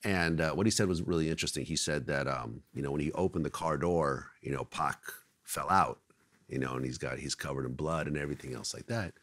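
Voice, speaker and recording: A man hosting an interview, retelling stories in a casual, animated way with lots of fillers. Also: rumbling low, a little fast. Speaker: interview host.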